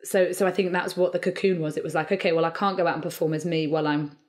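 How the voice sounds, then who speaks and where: Chatty, animated woman comedian. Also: fairly low pitch, fast talker. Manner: animated, chatty, acts out quoted voices. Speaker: comedian guest. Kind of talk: podcast interview.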